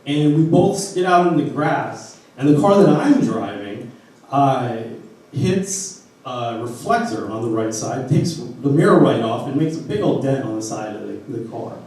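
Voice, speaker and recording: A man's voice: mid-range voice, a little slow. Man telling a story, echoey and distant. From Arizona. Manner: casual, animated, acts out quotes. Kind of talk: live personal storytelling.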